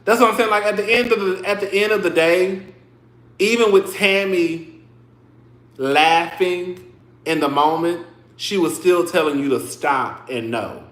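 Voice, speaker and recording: A man's voice: high voice, a little slow, fairly bright tone, reverberant. A man hosting a podcast, chatting casually and rambling with lots of "like" and restarts. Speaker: podcast host. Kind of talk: casual commentary chat.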